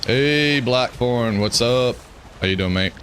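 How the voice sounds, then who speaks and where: A man streaming a game talks slowly in a mid-range, slightly bright voice, offering rambling, self-mocking commentary and chuckling often. A little hiss or hum can be heard.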